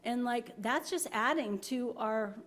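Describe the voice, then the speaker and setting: Unhurried and a little high, a woman's voice comes through a podium microphone at a town board meeting. She lives in New York and offers an emotional public comment, sorry but firm.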